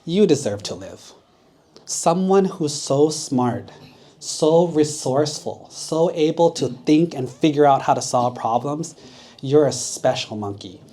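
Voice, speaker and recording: A man's voice: a little high, expressive, a little slow, warm tone. A man doing a blustering storybook crocodile. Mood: admiring. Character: big boastful male crocodile, scared of his wife.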